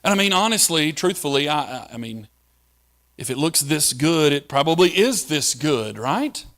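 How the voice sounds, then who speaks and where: A man's voice: on the high side, sing-song, normal speed, a bit bright. Man preaching with rhetorical questions. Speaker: pastor. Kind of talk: sermon.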